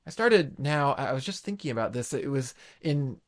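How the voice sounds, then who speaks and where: A man in his late thirties preaching a sermon, earnest and halting, often restarting his sentences. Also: medium pitch, lively intonation. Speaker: pastor.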